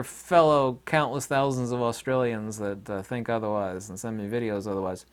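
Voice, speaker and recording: A man's voice: on the low side, fairly even intonation, moderate pace, hardly any pauses, smooth. A man hosting his own channel, delivering a rambling, opinionated monologue to his viewers with many fillers and asides. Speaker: channel host.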